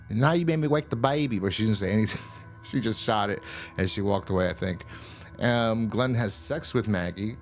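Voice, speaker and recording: A man hosting a show, casually recapping a TV episode in a loose, rambling way, full of fillers and swearing. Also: fairly low pitch. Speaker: show host reviewing a TV episode.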